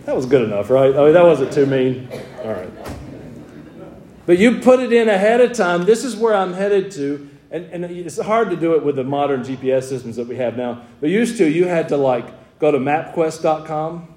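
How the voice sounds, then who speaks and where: Fervent preacher in a roomy church. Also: male voice, fairly high pitch, animated, normal speed, dark tone. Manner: fervent preaching that shifts to friendly talk with the congregation. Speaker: pastor. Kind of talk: sermon. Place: church sanctuary.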